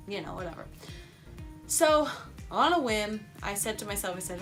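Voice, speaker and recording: A young woman telling a story in a casual vlog, chatty and excitable, saying "like" often. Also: mid-range voice, normal speed, gravelly, soft background music. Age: young adult. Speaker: vlogger.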